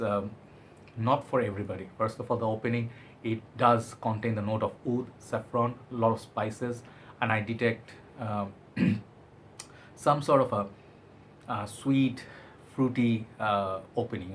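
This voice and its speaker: A man's voice: on the low side, a little hiss or hum. A man giving a chatty, enthusiastic product review, often hedging with "I think". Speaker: fragrance reviewer.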